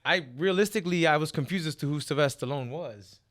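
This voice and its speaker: A man telling a story as a guest in a casual chat, animated and profane, acting out what others said. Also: on the high side, fast.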